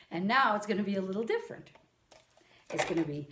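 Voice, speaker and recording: A woman music teacher giving a gentle lesson to young children, chanting rhythm syllables and singing now and then. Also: medium pitch, very animated, normal speed, pauses often, reverberant, background noise.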